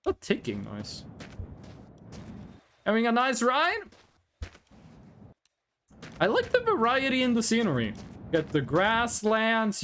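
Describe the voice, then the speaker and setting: A male streamer chats loosely through a long drive in a game, cracking silly jokes between hummed tunes. His voice runs high and swoops animatedly, with an easygoing, drawn-out pace and a faint hiss behind it. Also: fairly bright tone. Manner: playful, rambling, sings snatches of songs. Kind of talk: casual live-stream gameplay chat.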